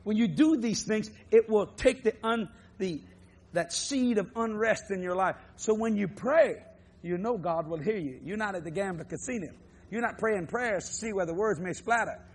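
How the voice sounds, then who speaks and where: High-voiced shouting Southern preacher man. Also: moderate pace. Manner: shouting, swinging from low to loud preaching. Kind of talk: televised sermon.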